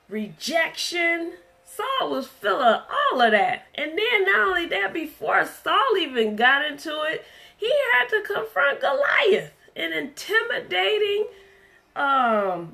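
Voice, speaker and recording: A woman's voice: high-pitched, vocal fry, bright, forceful tone. A woman preaching a livestreamed testimony sermon, earnest and emphatic, driving her points home by repeating them.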